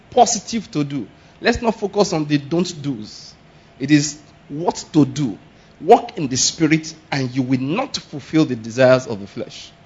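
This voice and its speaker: A man preaching a sermon in an animated, laughing way, often acting out exclamations. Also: a little high, husky. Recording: dull lo-fi sound.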